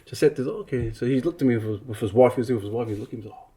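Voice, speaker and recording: A man's voice: mid-range voice, very fast, husky. A man from Samoa, a preacher and artist, telling stories in a casual podcast chat and acting out the other people in them. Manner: animated, acts out quotes, many restarts.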